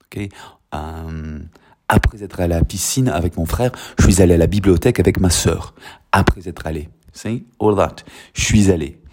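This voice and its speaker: A French teacher with a low-pitched, slightly mellow male voice explains his methods to camera at a brisk pace. He's chatty and enthusiastic, reading French example sentences aloud along the way.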